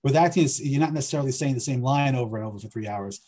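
Hesitant man with dark husky voice. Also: mid-range voice, racing. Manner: hesitant, repeats words while thinking aloud. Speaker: filmmaker and writer guest. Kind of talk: conversational interview.

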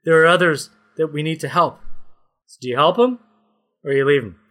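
A man from Canada runs a comedic story game, his voice bright and a touch high. He lays out each dark room slowly and playfully, building mock suspense. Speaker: game master. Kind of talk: narrating a comedic tabletop-style story game.

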